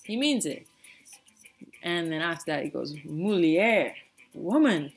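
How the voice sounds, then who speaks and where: A woman, a native English speaker, teaching phrases in a casual, playful lesson and repeating words slowly for learners. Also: low-pitched, animated, breathy edge, faint music behind. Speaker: language teacher.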